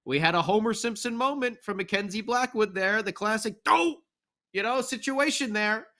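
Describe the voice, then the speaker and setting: Bright, enthusiastic sports-talk man. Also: high voice, normal speed. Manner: rambling, enthusiastic, fan banter. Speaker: podcast co-host. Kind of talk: sports recap commentary.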